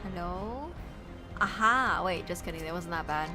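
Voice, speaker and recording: A woman's voice: lowish voice, animated, slow. A woman streaming a game, chatting casually and reacting aloud, her voice worn and strained. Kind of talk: casual gameplay commentary. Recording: game music behind the voice.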